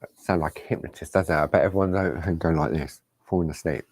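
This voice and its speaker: A man's voice: extremely low pitch, quick pace, breathy edge, no echo. A middle-aged man leading a live crafting tutorial, chatty and reassuring, talking straight to his viewers. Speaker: crafting demonstrator.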